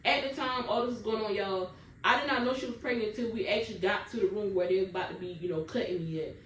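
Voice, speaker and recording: A young woman who talks fast at medium pitch tells viewers her own birth story to camera, casual and emotional. She speaks in a casual Southern US dialect and keeps calling them y'all. The sound is roomy and distant, with faint background noise.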